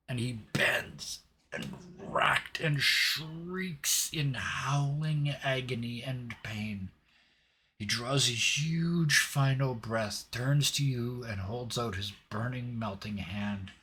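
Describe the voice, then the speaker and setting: A man's voice: lowish voice, bright, forceful tone, slight background noise. A man narrating a tabletop roleplaying game as game master, telling the scene vividly and dramatically. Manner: vivid, dramatic storytelling with hesitant restarts.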